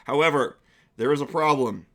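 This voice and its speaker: A man's voice: medium pitch, normal speed, a bit bright. A man streaming as game master, narrating a tabletop game in a rambling, playful way. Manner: rambling and playful, with many restarts and fillers.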